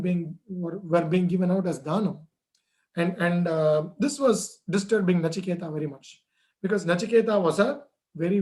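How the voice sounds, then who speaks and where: A man telling a traditional story to children in a conversational way, checking in with his listeners. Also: sits high.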